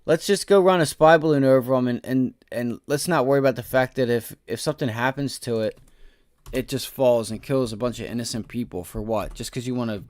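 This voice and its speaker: A man's voice: mid-range voice, fairly quick. Frustrated man muttering over trading charts. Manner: frustrated, swings between muttering and loud outbursts, swears. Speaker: day trading livestream host. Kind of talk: live trading commentary.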